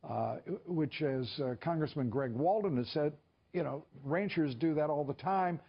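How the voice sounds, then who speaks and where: Tv news guy ranting about a story, dull lo-fi sound, kinda halting. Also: a little high, creaky, breathy edge. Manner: opinionated, halting with fillers. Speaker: television news host. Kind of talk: cable news commentary. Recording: dull lo-fi broadcast audio.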